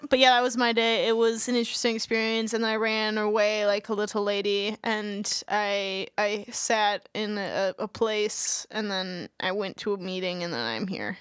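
A woman's voice: medium pitch, steady tone, normal speed, hardly any pauses, fairly bright tone, clean tone, no echo, clean studio sound. A woman co-hosting a podcast in casual chat, playful and giggly, with a teasing manner. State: shivering with cold. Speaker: podcast co-host.

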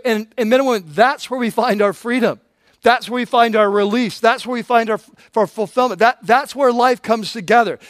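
A man's voice: very high-pitched, fairly bright tone, no echo, studio quality. A middle-aged male pastor preaching a sermon in an earnest way, repeating phrases and acting out prayers.

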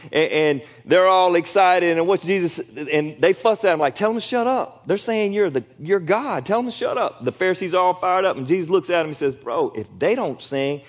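Here a middle-aged man gives a sermon as a pastor, keeping things relaxed and lively. Whenever he quotes someone, he performs it with abrupt, loud, high bursts.

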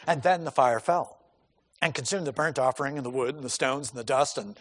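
A male pastor preaching a sermon, animated and emphatic, asking rhetorical questions and repeating words for stress. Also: mid-range voice, a little fast. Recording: long hall reverb.

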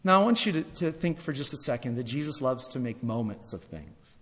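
A man's voice: medium pitch, big pitch swings, brisk. Dramatic preacher man in a reverberant hall. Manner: dramatic, swings between loud and hushed; repeats phrases for emphasis. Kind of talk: sermon.

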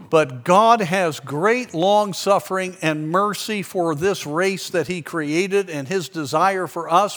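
Male preacher, earnest storytelling delivery, a little higher-pitched than most men, slows for key points. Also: a bit bright. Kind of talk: sermon.

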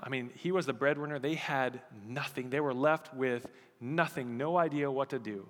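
A male pastor delivers a sermon with a forceful, bright voice that carries through a reverberant sanctuary. He tells stories in a hushed tone, then rises to loud, fervent pleading. Faint music sits beneath him. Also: a little high. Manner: builds from quiet storytelling to loud fervent pleading. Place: church sanctuary.

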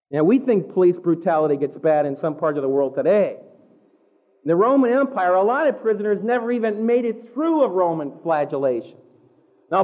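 A man delivers a sermon in a high voice, building a story with vivid detail and slowing down to stress key words. The sound is thin and narrow, like a phone line. He breaks into quick asides to his listeners between the story beats. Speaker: pastor.

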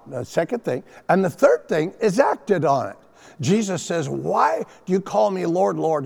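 Gravelly pastor guy preaching, voice swings all over, kinda high, big echoey hall. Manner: animated, emphatic preaching with repeated phrases. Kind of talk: sermon. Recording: long reverb of a large hall.

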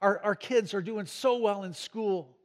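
A man's voice: high voice, unhurried, pitched above the performer's own voice. A man voicing an angry, ashamed husband with an indignant, rising complaint, in an echoey hall.

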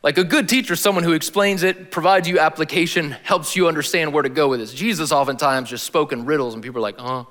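A man giving a sermon as a pastor, in a casual, slangy style with animated emphasis. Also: a little high, fast talker, hardly any pauses, long reverb tail.

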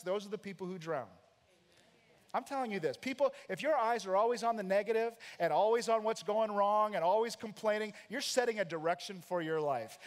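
High-voiced emphatic American preacher in a reverberant church. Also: male voice. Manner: emphatic preacher, acts out quoted lines. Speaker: pastor. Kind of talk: sermon. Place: church sanctuary. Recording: long hall reverb.

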